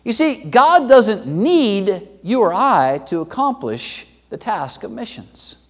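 Preacher guy, high voice, big loud-soft swings, long echoey church reverb. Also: sing-song, slow, hardly any pauses. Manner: emphatic preaching with sweeping pitch and loudness swings. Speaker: pastor. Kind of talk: sermon.

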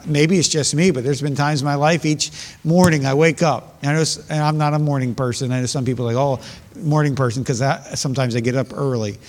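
Male pastor, earnest, emphatic preaching; slightly high voice, echoing hall. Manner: earnest, builds to raised emphatic peaks. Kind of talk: sermon.

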